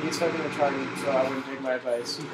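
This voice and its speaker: A man's voice: medium pitch, fairly even intonation, brisk, echoey room. A young man playing a video game in casual chat with friends, swearing and venting frustration as he plays. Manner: swears a lot, frustrated outbursts while playing. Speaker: gamer playing on camera. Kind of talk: casual let's-play chat. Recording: noisy home gameplay recording.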